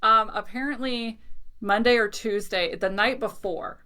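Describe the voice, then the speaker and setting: A woman's voice: fairly high pitch, a little slow, bright, forceful tone. A woman from Arizona co-hosting a podcast, chatting candidly and swearing now and then as she reads out traits. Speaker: podcast co-host. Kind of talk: casual chat.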